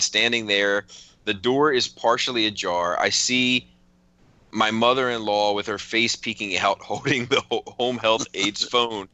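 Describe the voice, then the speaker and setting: A man's voice: lowish voice, pushed and bright, dry recording. A man hosting a casual podcast chat, telling a long story and reading out text messages with frequent laughs. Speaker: podcast host.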